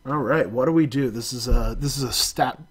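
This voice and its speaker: Husky man reading a gamebook aloud. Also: medium pitch, brisk. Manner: wry, self-mocking. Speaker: game narrator. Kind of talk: reading an adventure gamebook aloud with joking asides.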